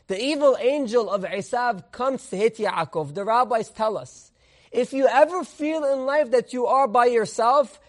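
A man teaching a Torah lesson as a rabbi, telling a parable in an animated way and mixing in Hebrew terms. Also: very high-pitched.

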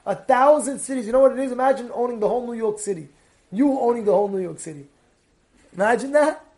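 A man teaching a Torah class, telling stories in an animated way and acting out the people in them. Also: very high voice, quick pace. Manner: animated storytelling, acts out quoted voices.

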